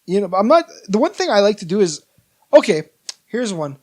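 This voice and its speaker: A man's voice: high-pitched, big pitch swings, brisk, darkish tone. A man, co-hosting a casual podcast and rambling through stories with lots of fillers and restarts. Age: 20s. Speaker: podcast co-host. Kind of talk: casual chat.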